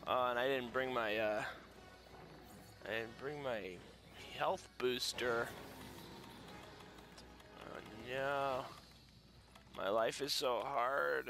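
A man giving playful let's-play commentary, excitable and jokey, taunting the monster he fights. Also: medium pitch, very slow, pauses often, soft background music. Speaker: gaming YouTuber.

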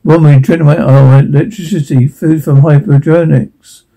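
Man as a matter-of-fact woman scientist, husky, radio play. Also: fairly high pitch, steady tone, normal speed, warm tone, rough recording. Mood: calm. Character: calm female scientist in a helmet.

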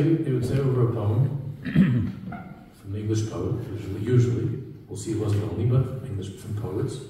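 Dark-voiced rabbi preaching in an echoey hall. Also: male voice, mid-range voice, slight background noise. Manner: storytelling, repetitive, mixes in Hebrew phrases. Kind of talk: sermon. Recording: echoey hall, far from mic.

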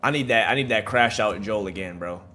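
A man's voice: on the low side, a little fast, sharp tone, faint music behind. A man giving live, slangy reaction commentary while playing a video game, trash-talking the enemies. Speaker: gaming channel host.

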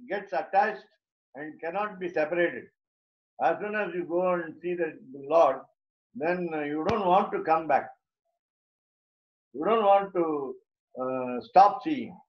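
A man teaches scripture, carefully unpacking Sanskrit words one by one and pausing on frequent fillers. His voice sits a little high for a man. The recording sounds muffled and lo-fi. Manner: explains Sanskrit terms word by word, with frequent fillers and restarts. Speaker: religious teacher. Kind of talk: scripture lecture.

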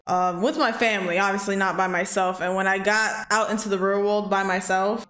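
A woman hosting a casual movie reaction, laughing often and bursting into loud excited outbursts. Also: medium pitch, echoey room.

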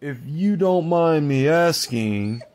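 Slow-talking man reacting to memes. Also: fairly high pitch, animated, darkish tone, a little hiss or hum. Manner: exclaims and laughs at clips. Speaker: reaction video host. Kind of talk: casual reaction commentary.

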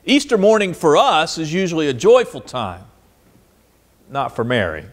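Animated pastor preaching with lively pitch. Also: male voice, moderate pace. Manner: expressive, swings between soft and animated; asks the listeners questions. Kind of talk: sermon.

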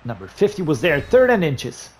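A man with a somewhat high voice calls plays in a football video game. He swings from low muttering to loud, exasperated, swearing outbursts. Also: wildly swooping pitch, normal speed. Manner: frustrated, ranting and swearing at the game. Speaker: gaming YouTuber. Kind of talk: gameplay commentary.

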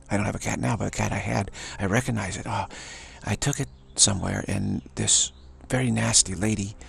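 A man's voice: on the low side, gravelly, a bit bright. A man giving an informal spiritual talk in a rambling, playful way, often repeating himself. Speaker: spiritual teacher.

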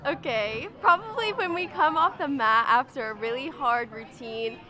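A woman's voice: high voice, moderate pace, sharp tone. A teenage girl cheerleader answering interview questions earnestly, with some hesitation. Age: teens. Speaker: guest, cheerleader. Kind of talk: casual interview chat.

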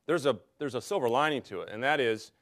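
A man teaching a classroom Bible study, his voice at an ordinary middle pitch. He lectures in an earnest, conversational way and keeps asking his listeners questions. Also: quick pace, fairly bright tone.

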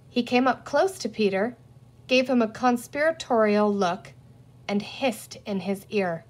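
Slow, deliberate woman storybook reader. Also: fairly high pitch. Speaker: audiobook reader. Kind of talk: storybook narration read aloud.

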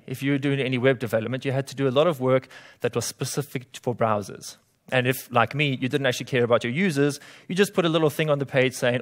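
A man with a South African accent giving a conference talk to a room of developers, with dry, self-deprecating jokes. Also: medium pitch. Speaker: conference speaker.

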